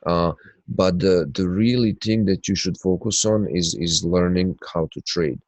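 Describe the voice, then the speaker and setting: A man with a low, nasal voice, stuffed up by his sinuses, hosts a live trading webinar. He talks loosely with lots of fillers and breaks off to greet viewers by name. The sound is dry and close to the mic. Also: measured pace, a little mellow, no echo. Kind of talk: live webinar chat and chart analysis.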